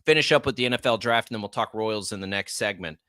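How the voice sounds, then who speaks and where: Bright-voiced chatty sports radio host. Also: male voice, fairly low pitch, fast, no echo, clean studio sound. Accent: American. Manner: chatty, energetic, reads ad copy. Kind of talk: casual sports talk radio.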